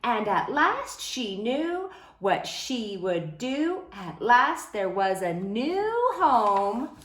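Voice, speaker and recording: A woman reading a children's picture book aloud in an expressive, sing-song way. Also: a little high, drawn-out words. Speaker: storyteller. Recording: roomy echo.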